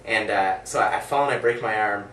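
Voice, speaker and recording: A man's voice: on the low side, fairly quick, far from the mic. Rambling man telling a story in a roomy room. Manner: rambling, animated, acts out quoted voices with yelps. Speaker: band guest. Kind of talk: casual storytelling. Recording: roomy sound from off-mic with faint hiss.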